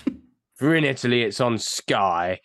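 A man co-hosting a casual sports podcast, blunt and quick to swear as he rants. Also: mid-range voice, animated, a bit bright. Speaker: podcast co-host.

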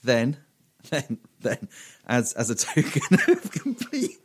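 A man's voice: medium pitch, huge pitch swings, slow pace, slightly rough. A man co-hosting a podcast, rambling through silly stories in casual chat with lots of swearing and laughter. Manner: sweary, giggly, rambling storyteller. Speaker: podcast co-host.

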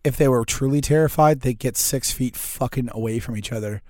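A man from near New Orleans co-hosting a podcast in casual chat, his mid-pitched voice dry and close to the mic. He swears freely and delivers his jokes deadpan. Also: a little fast, no echo. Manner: profane, deadpan humor. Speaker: podcast co-host.

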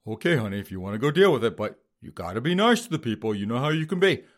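A man voicing a meek, patient older husband who talks in a soft, placating, hurried way. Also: medium pitch, big pitch swings, natural voice.

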